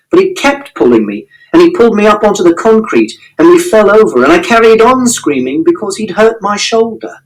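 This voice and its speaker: A man's voice: fairly high pitch, poor audio. A man narrating an audiobook in the first person, telling events in a literal, matter-of-fact way.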